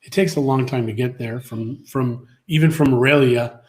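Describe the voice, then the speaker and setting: A man's voice: medium pitch, moderate pace. A middle-aged man co-hosting a livestream, chatting casually and rambling through stories with many restarts. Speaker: co-host of a livestream show. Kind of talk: casual chat.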